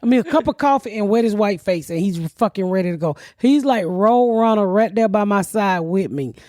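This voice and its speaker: A middle-aged woman hosting a comedy podcast, a loud, profane storyteller who acts out everyone she quotes in casual chat. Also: medium pitch, expressive, brisk, dry recording.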